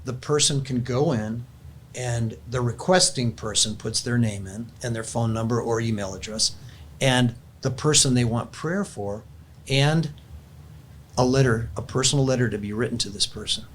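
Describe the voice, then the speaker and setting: A man's voice: mid-range voice, moderate pace, slight background noise. An older man, a grandfather and podcast guest, telling a heartfelt family story in an earnest, conversational way and closing in prayer.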